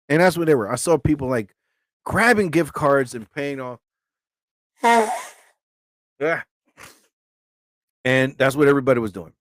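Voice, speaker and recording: A man's voice: medium pitch, moderate pace, pauses often, fairly bright tone, no room sound. A man hosting a casual live stream, rambling and joking as he talks to his viewers.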